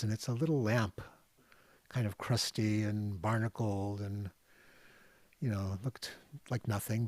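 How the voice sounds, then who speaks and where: A man, a guest author, telling a story with light humor in a relaxed talk. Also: lowish voice, no echo. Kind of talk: storytelling talk on a video call.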